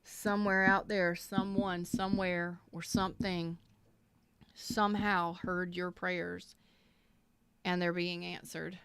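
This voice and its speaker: A woman's voice: lowish voice, flat delivery, slow, a bit bright, clear, resonant tone, no room sound. A woman giving a heartfelt tarot reading, earnest and emotional, repeating phrases and sounding close to tears. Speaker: tarot reader.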